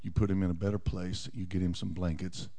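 A man preaching, voicing an anxious ancient king who barks orders at his servants in a loud, exasperated way. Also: low-pitched, flat delivery, fairly quick, pitched below the performer's own voice. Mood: commanding. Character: nervous, bossy ancient king, male.

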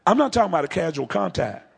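A man's voice: high voice, sing-song, quick pace, vocal fry, noisy background. A man preaching a revival sermon at a large crusade, acting out the dialogue of the story he tells.

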